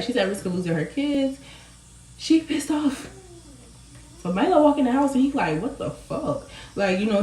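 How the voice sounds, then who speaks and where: A woman's voice: mid-range voice, a little mellow. A young adult woman author, casually retelling her own story to viewers in a chatty, profane way. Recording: roomy sound, from a distance.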